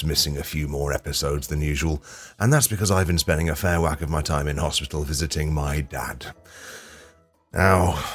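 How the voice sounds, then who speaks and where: Guy, lowish voice, dry sweary podcast monologue, mocks himself. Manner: dry, self-mocking and sweary, with sudden loud outbursts. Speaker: podcast host. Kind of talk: comedic monologue.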